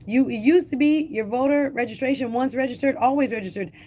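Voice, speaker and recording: A woman's voice: high-pitched, fairly quick, mellow, a little hiss or hum. A woman hosting a radio talk show, speaking urgently and emphatically to her listeners, repeating key points and asking rhetorical questions.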